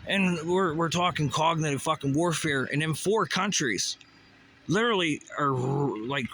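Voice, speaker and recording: Man, forceful bright voice, fairly high, heated swearing rant. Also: expressive, a little slow, slight background noise. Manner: heated, swearing, rhetorical questions. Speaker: vlogger. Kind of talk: profane conspiracy rant to camera.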